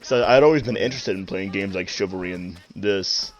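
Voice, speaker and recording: A nineteen-year-old man hosting a live stream, talking easily with halting fillers. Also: low voice, dull audio. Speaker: streamer host. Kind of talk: casual live-stream chat.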